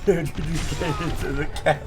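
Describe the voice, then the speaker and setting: A man's voice: a little high, steady tone, normal speed. A man streaming gameplay, chatting in a sarcastic, joking way with rambling asides. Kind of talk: live gameplay commentary. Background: game music.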